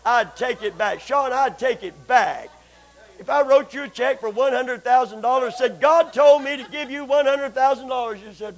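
A man preaching a broadcast sermon, swinging from quiet, low asides to loud, shouted exhortation, asking the congregation for amens. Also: normal speed, muffled recording. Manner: rises from low, soft asides to loud, shouted exhortation, constant calls of amen.

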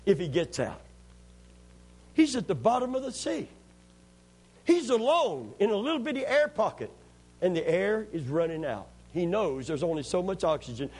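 This man's voice is high-pitched with a breathy edge. He preaches a sermon full of folksy, humorous stories, telling them in a lively way and prompting the congregation to call back in response.

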